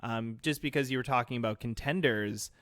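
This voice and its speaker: A young man with a middle-pitched voice co-hosts a gaming podcast, recorded close and dry with almost no room sound. He keeps an easygoing, joking tone and often trips over the first word of a sentence before settling in. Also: a little fast, fairly bright tone, no room sound. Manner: laid-back and joking, stammers on starts. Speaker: podcast co-host. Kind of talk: casual esports podcast chat.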